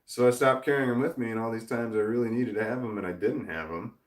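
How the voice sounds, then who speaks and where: Male livestream host, casual and rambling, frequent swearing and laughs, mid-pitched, echoey room. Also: quick pace. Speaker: livestream host reading chat. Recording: roomy echo.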